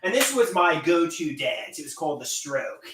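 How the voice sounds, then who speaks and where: Man, goofy livestream rambler, high bright voice, echoey far-off room sound. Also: sing-song, normal speed, background noise. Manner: goofy, self-mocking, bursts into shouted singing. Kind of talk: rambling live stream chat with silly singing. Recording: echoey room, voice set back from the mic.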